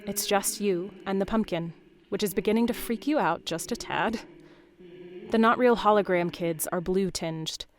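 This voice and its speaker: A woman narrating in second person, calm and measured, telling a dreamlike story. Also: medium pitch.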